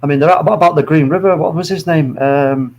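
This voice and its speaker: A man's voice: a little high, quick pace, darkish tone, poor audio. A man hosting a casual video-call chat, rambling and searching for words. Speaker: host.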